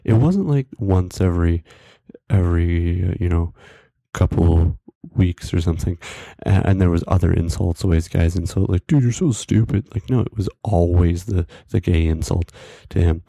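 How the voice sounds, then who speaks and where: A man's voice: sits low, normal speed, vocal fry, warm tone, no echo, studio quality. A man telling a funny personal story to podcast listeners in a casual, rambling way, full of fillers, chuckling at his own tale.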